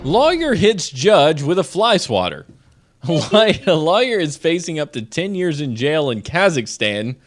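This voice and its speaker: A man co-hosts a casual stream show with a slightly high voice. His delivery is lively, with pitch swinging widely as he reads odd news and chats. He laughs often mid-sentence. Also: unhurried, soft background music. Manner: laughs often while reading, animated. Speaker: co-host.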